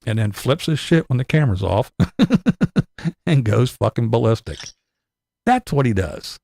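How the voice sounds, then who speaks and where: Gravelly, profane man ranting. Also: mid-range voice, sing-song, unhurried, mellow. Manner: profane, mocking, laughing often. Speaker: livestream host.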